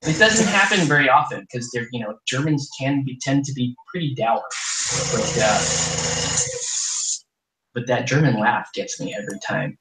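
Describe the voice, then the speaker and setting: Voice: medium pitch, animated, normal speed, long pauses. A streamer in playful, casual chat while airbrushing on stream. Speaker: miniature painting streamer. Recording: distant, roomy, noisy mic.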